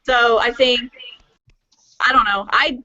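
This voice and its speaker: A woman author chatting on a podcast panel, thoughtful and rambling with many pauses. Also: on the high side, fairly even intonation, sharp tone, dry recording. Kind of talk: casual chat. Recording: dry, dull lo-fi audio.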